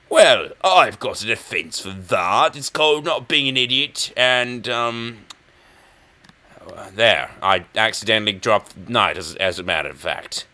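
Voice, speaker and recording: A young man giving rambling, self-mocking chess commentary, jokey and erratic, with sudden loud outbursts. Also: lowish voice, animated, measured pace.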